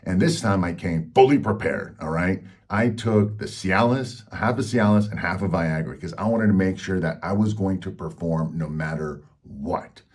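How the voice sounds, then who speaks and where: Deep-voiced man, frank storytelling. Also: normal speed, few pauses, darkish tone. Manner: frank, rambling, full of fillers. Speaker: health channel host. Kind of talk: casual personal storytelling.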